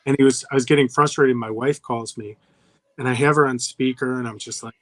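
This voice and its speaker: A man's voice: mid-range voice, steady tone, brisk. A middle-aged man in a casual chat, telling wry, self-deprecating stories about his son. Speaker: guest.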